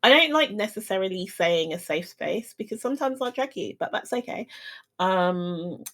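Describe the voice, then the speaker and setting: A woman guesting on a casual livestream talk show, playful and giggly, with halting starts. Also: medium pitch, expressive, fairly bright tone. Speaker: guest streamer.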